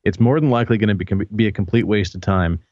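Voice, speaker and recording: A man co-hosting a live talk show in casual chat, halting and repeating words as he tells a story. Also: lowish voice, darkish tone, no echo. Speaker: co-host. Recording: dull lo-fi mic sound.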